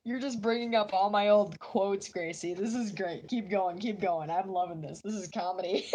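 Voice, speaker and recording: A woman's voice: medium pitch, moderate pace, few pauses, very noisy. A woman with a stuffy nose, chatting casually with live viewers while she draws, giggly and poking fun at herself. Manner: giggly and self-mocking. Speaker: artist streaming while drawing.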